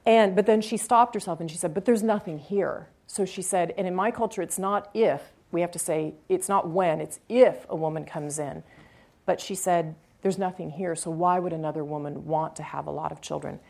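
Earnest woman speaker, lower voice. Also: gravelly. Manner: earnest, animated when retelling encounters, fillers like "um, so". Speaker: foundation leader answering audience questions. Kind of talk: conversational public talk, storytelling.

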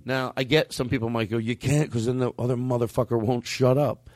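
A man's voice: mid-range voice, steady tone, fairly quick, darkish tone, no echo. A man hosting a podcast, rambling and laughing easily, often repeating himself. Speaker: podcast host. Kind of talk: casual podcast chat.

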